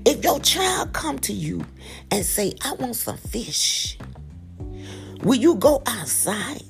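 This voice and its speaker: A middle-aged woman with a raspy morning voice, preaching a sermon with passion, dropping to whispers and rising to cries. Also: a little high, sing-song, slow pace, soft background music. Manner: impassioned preaching, swinging between hushed whispers and loud cries.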